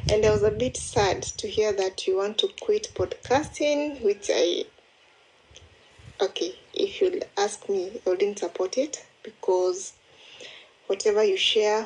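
A woman's voice: mid-range voice, steady tone, a little slow, a little mellow, husky, poor audio. A woman replying in a casual voice message, rambling and apologetic, with frequent restarts.

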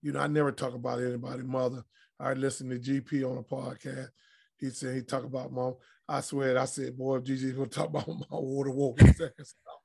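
Brisk and husky, with vocal fry at a medium pitch, a middle-aged retired basketball pro guests on a podcast. He trades blunt, profane, animated stories in a casual interview.

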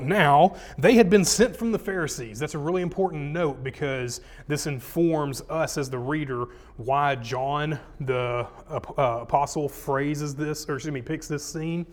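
A pastor with a mid-range voice teaches a sermon, chatting casually with his congregation and reading scripture with rising emphasis.

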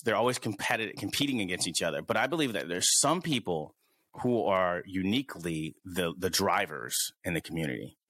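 A man's voice: deep voice, fairly bright tone, dry recording. A man hosting a casual podcast, thinking aloud with many restarts. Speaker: podcast host.

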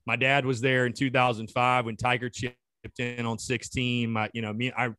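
A man's voice: mid-range voice, flat delivery, moderate pace, sharp tone, clear, resonant tone, no room sound. A man chats as a podcast guest, upbeat and repeating his words as he goes. His voice sits in the middle range, recorded dry and close. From North Augusta, South Carolina. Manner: enthusiastic, repeats words, says "man" often. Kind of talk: casual podcast chat.

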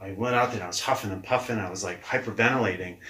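A man with a lowish voice tells stories casually as an interview guest. He is animated, jumps into quoted dialogue, and drops casual swear words. The sound bounces around an echoey room. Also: rapid-fire. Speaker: leadership coach, podcast guest.

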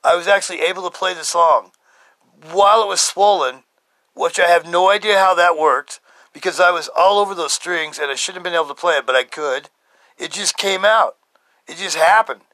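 A man in his fifties telling a story as a podcast host, casual and excitable, swearing and laughing often. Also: high-pitched, normal speed, dry recording. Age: 50s.

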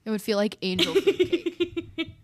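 A woman's voice: fairly high pitch, very animated, moderate pace. A young woman co-hosting a podcast, chatting casually and playfully, laughing often, very close to the microphone. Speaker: podcast co-host. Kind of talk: casual chat.

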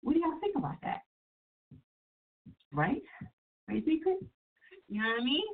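A woman hosting a call-in radio show while sick, talking in a loose, chatty, profane way and jumping into high-pitched voices when she quotes people. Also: huge pitch swings, normal speed. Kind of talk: casual call-in radio talk. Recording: distant, phone-like radio audio.

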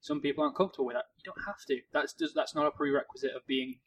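A man from Cheshire, co-hosting a casual podcast and giving calm, encouraging advice with small restarts. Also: on the high side, very fast, rough recording. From Cheshire, England. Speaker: podcast co-host.

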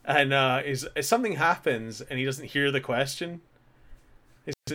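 A man co-hosting a casual podcast chat, recapping an anime and acting out characters' lines in quick put-on voices. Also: medium pitch, pushed and bright. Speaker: podcast co-host.

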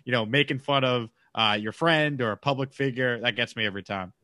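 A man's voice: medium pitch, brisk, pushed and bright, dry recording. Male co-host from Long Island, mid-range voice, chatty and self-deprecating, dry sound. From Long Island, New York. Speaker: podcast co-host, radio host by day. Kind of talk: casual chat.

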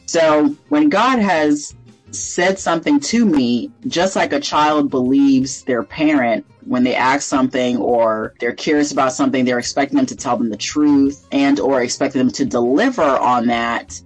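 A woman co-hosting a faith podcast, telling a personal story in casual chat and acting out the dialogue with lively laughter. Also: extremely low pitch, normal speed, soft background music, rough recording. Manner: animated storyteller who acts out quoted dialogue and laughs often. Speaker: podcast co-host.

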